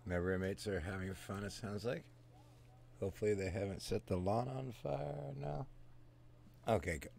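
A man's voice: lowish voice, moderate pace, vocal fry, a little mellow, a little hiss or hum. A man hosting a casual podcast, talking crudely and offhand while he plays back old footage. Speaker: podcast host. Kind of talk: casual chat over old video footage.

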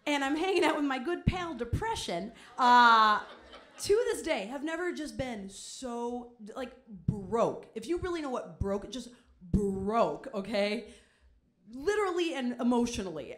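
A woman's voice: on the high side, expressive, unhurried, fairly bright tone. A young woman telling a comic personal story on stage, chatty and self-mocking, with many "like"s. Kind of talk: live comedic storytelling.

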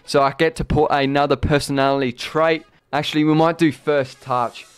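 A man commentating his own football video game career, yelling at missed chances and then muttering in defeat. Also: medium pitch, smooth. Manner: excitable, swings between shouting at the game and deflated muttering. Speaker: gaming YouTuber. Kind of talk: gameplay commentary.

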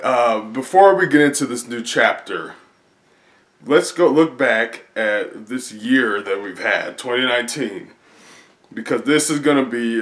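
Excited rambling man in an echoey room. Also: mid-range voice. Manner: rambling and excited, with many fillers and restarts. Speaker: video creator reacting to comics. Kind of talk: casual chat. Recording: roomy echo.

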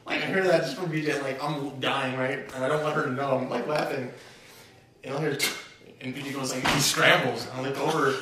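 A man's voice: medium pitch, fairly quick. Young man, very echoey and far off. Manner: animated storyteller, acts out quotes, chuckles. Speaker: podcast co-host. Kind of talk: casual storytelling chat. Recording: very echoey room, far from mic, faint noise.

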